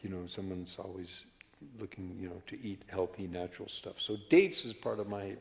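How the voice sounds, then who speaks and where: A man's voice: sits low, normal speed, creaky, a little hiss or hum. Rambling older Californian man in a hall. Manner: rambling, prone to tangents and restarts. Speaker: workshop speaker. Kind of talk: storytelling talk. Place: mosque hall. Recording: long hall reverb.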